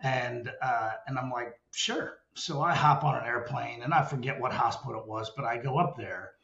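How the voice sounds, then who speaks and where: A middle-aged man telling stories about sales work in a relaxed interview, with many restarts. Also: medium pitch, moderate pace, vocal fry, roomy sound, dull audio. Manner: reflective, storytelling with many restarts. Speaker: guest, former sales executive. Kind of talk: casual interview conversation.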